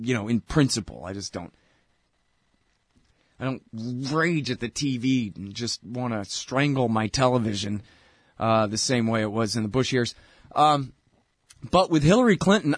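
Man, show host, exasperated rant, jumps from loud outbursts to low mutters, dry close sound. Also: no echo. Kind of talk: opinionated political commentary.

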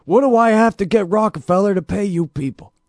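A man's voice: high-pitched, brisk, darkish tone, no echo, pitched above the performer's own voice. A man putting on a mock accent for a condescending older male statesman, scolding in a raised voice. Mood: scornful.

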